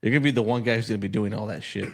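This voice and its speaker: A man's voice: on the low side, very fast. A man co-hosting a podcast, chatting bluntly and profanely about politics and laughing often. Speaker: podcast co-host. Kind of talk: casual political chat.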